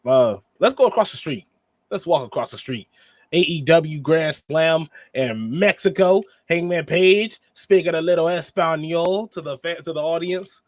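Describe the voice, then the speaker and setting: A man's voice: on the high side, unhurried, no echo. A man co-hosting a wrestling review podcast in rambling, slangy casual chat. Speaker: podcast co-host.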